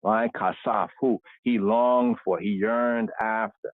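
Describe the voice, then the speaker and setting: A man's voice: on the low side, fairly even intonation, no echo. Guy doing a bible study livestream, keeps saying right?, dry tinny phone-like sound. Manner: explains Hebrew words slowly, with constant "right?" checks. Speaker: Bible teacher.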